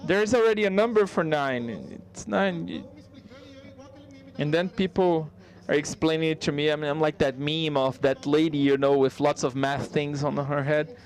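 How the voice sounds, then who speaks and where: A man giving a live spoken interpretation of a stand-up comedy set, conversational and halting, with frequent restarts. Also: on the high side.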